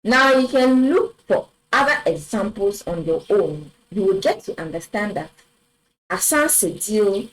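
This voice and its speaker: A woman teaching a French lesson online, repeating each example word slowly and clearly. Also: medium pitch, animated, poor audio. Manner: slow, deliberate, repeats words for clarity.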